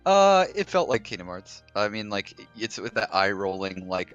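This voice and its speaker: Brief: male podcast guest, lowish voice, relaxed and halting, light music bed. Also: muffled recording. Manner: relaxed, hesitant with fillers and repeats. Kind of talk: casual podcast chat.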